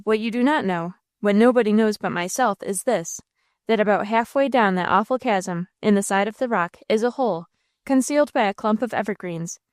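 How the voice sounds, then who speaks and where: A woman's voice: medium pitch, dry recording, clean studio sound, natural voice. A woman voicing a bold, blustering male robber captain who gives orders to his gang. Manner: blustering, rousing, theatrical.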